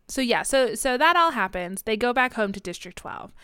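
A woman's voice: on the high side, lively intonation, measured pace, bright, forceful tone, clear, resonant tone, no echo, clean studio sound. A woman co-hosting a podcast, chatting casually about a novel, often laughing and briefly mimicking characters. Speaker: podcast co-host. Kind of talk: casual book-club chat.

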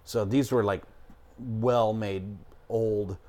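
Speaking slowly in a lowish, steady, darkish voice, a middle-aged man tells a rambling story in casual chat, with a little hiss or hum in the recording. He curses freely and leans heavily on "like" and "I'm talking."

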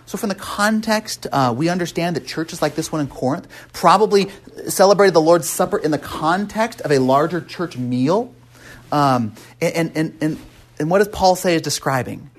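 A man's voice: fairly high pitch, expressive, normal speed. Conversational male preacher asking questions. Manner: conversational, asks the congregation questions; frequent restarts and "right?" tags. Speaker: pastor. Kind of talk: interactive sermon.

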